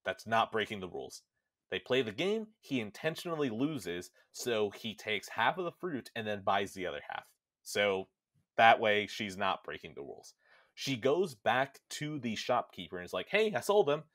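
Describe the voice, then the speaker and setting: A man with a low voice recaps a video game's story for his podcast, casual and animated, acting out bits of dialogue as he goes. The sound is dry and close. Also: no room sound. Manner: animated storytelling, slips quickly into character quotes. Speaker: podcast host. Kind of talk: casual spoilercast retelling of a game story.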